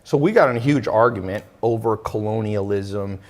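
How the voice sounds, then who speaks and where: A man hosting a casual talk, telling a story in an animated way and acting out the voices of the people in it. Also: on the low side, normal speed, in a large hall. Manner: animated, acts out quoted voices. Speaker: podcast host.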